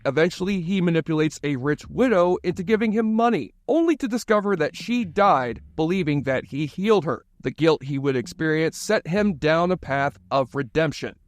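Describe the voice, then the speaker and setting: A man reading a scripted video essay narration in an even, read-aloud way. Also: fairly high pitch, moderate pace, hardly any pauses, no echo.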